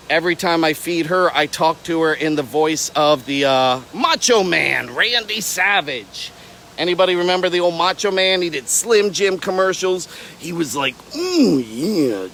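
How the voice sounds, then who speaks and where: A man's voice: on the high side, a bit bright, slight background noise, rough recording. A young man from Florida who keeps alligators, chatting playfully on a casual outdoor livestream and wandering off on tangents. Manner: playful, rambling, jumps between tangents. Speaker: reptile keeper livestreaming.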